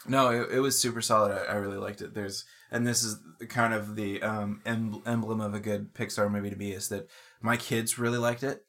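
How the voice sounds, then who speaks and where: A man's voice: lowish voice, level tone, a little fast, a bit bright. A man in his thirties, co-hosting a casual podcast, rambling with many ums and restarts and casual swearing. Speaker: podcast co-host.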